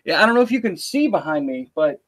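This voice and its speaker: A man's voice: a little high, big pitch swings, fast talker, fairly bright tone. A man hosting a casual live-stream chat on a video call, playful and teasing his guest. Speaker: host.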